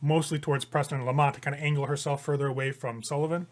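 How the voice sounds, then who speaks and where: Animated man running a tabletop game. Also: on the high side, very fast. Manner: lively, animated narration. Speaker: game master.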